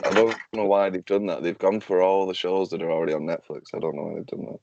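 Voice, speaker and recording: Low gravelly man, joking host. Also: fairly even intonation, fast, a little mellow, no echo, lo-fi sound. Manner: loose, sweary, joking. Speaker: podcast host. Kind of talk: casual chat.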